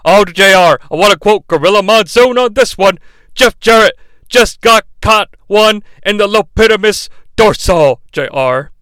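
A man doing a shouty hyped wrestling announcer. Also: sits high, a little slow, dry recording. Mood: boastful. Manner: excitable, shouting catchphrases. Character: hyped loud male wrestling commentator impression.

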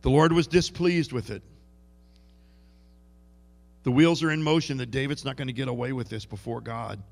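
Male preacher, conversational sermon, gravelly fry, long hall echo. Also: mid-range voice, fairly even intonation, moderate pace, darkish tone, soft background music. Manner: conversational, repeats words and restarts often. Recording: long reverb of a large hall.

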